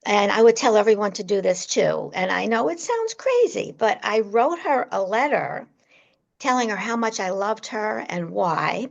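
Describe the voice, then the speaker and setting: A gravelly-voiced woman, a guest medium on a podcast, tells her stories with animation and leaps up in pitch at the big moments. Her voice has some fry, and the remote recording sounds dull and lo-fi. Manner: animated storyteller, voice jumps high when reliving moments. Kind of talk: storytelling in a podcast interview.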